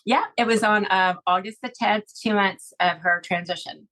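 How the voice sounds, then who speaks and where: A woman's voice: medium pitch, normal speed, fairly bright tone, low-quality recording. A middle-aged woman telling a personal story in a podcast interview, heartfelt and rambling, with many fillers and restarts. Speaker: guest.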